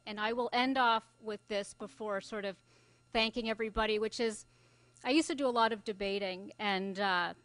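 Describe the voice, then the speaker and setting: At a conference, a middle-aged Glaswegian woman who works as a journalist delivers closing remarks in a casual, conversational style, filling pauses as she thinks out loud. She speaks at normal speed in a medium-pitched, slightly bright voice with fairly even intonation and no room sound.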